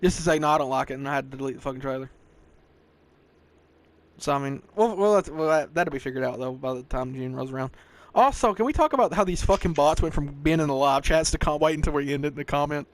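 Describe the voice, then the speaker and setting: A fast talker with a slightly high voice, this man is in his twenties and comes from the American South, his Southern accent clear. As a podcast host in casual chat, he cusses freely and keeps dropping "bro" and "dog."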